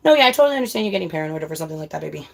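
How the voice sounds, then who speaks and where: A woman's voice: deep voice, animated, rapid-fire, creaky. A young woman in her twenties chatting casually to her viewers in a blunt, heavily profane, emphatic way, often calling them girl. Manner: emphatic, ranting. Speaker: livestreamer.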